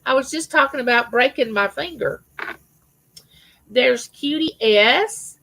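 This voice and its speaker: Slow and high-voiced, with vocal fry and a sharp tone, a middle-aged woman runs a relaxed live chat and spins meandering stories about herself. She's a chatty host who greets people by name, and the recording is rough.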